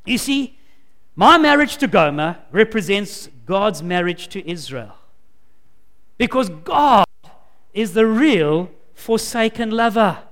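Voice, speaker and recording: A man's voice: high-pitched, sing-song, takes it slowly, a bit bright, pitched below the performer's own voice, heavily acted. A man preaching a sermon, voicing a flustered male prophet who explains himself earnestly.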